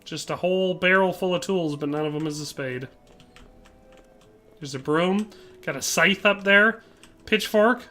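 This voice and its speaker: A man's voice: sits high, measured pace, pauses often, bright, forceful tone, faint music behind. A man streaming a game, talking casually and ranting in exasperation while reading chat aloud. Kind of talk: casual gameplay commentary.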